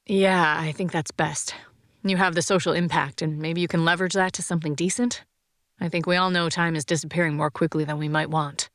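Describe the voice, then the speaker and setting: A woman narrator voicing a steady male friend who speaks with quiet, solid worry. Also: sits low, fairly quick, no echo, clean studio sound. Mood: worried. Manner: solid, worried. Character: worried steady man, close friend.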